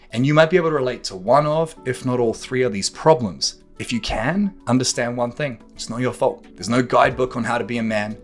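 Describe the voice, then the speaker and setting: A man's voice: mid-range voice, fairly bright tone. Blunt, swearing male podcast coach. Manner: blunt, swears often, emphatic rhetorical questions. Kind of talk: direct-to-camera coaching monologue.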